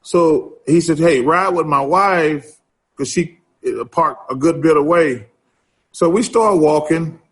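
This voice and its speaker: A middle-aged man with a drawl tells a long story in a husky, grainy voice. He acts out each line of dialogue as he goes. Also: on the high side, slow. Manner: animated storyteller, acts out quotes. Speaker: interview guest. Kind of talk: casual storytelling.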